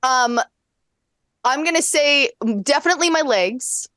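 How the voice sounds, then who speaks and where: A woman's voice: sits high, a little slow, pushed and bright, dry recording, studio quality. A woman playing a tabletop game, hesitant and searching for words. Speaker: player. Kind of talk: casual tabletop play.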